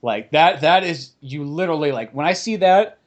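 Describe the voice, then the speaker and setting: Animated, profane male podcast host. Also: a little high, normal speed, highs cut off. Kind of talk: casual chat.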